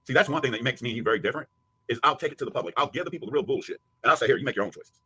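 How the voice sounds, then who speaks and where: A husky-voiced man taunts a rival on a livestream, swearing freely. His pitch leaps up and down as he mocks, and he talks at a rapid clip. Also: lively intonation, sharp tone. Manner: taunting, profane, mocking. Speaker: livestream host. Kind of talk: heated live commentary.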